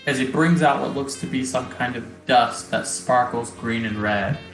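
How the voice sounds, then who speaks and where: A man narrating as game master of a tabletop game, descriptive and halting with many pauses. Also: medium pitch, fairly bright tone. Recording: roomy recording, faint music.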